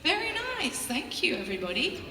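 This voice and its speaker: An Australian choir leader with a high, sing-song voice talks fairly quickly, upbeat and encouraging, and sings to demonstrate the parts. She's recorded in a large town hall by a tripod-mounted camera far away, so the sound is echoey and distant, with choir, an instrument, and music in the background.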